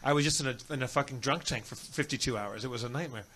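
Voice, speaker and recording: Animated, profane storytelling man. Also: mid-range voice, fast talker. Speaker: podcast guest. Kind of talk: storytelling on a comedy podcast.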